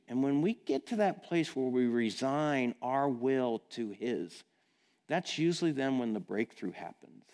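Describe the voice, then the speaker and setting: A man's voice: mid-range voice, expressive, a little slow, darkish tone. A man preaching a sermon in a casual, direct, plain-spoken way, often asking his listeners questions. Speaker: pastor. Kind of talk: conversational sermon.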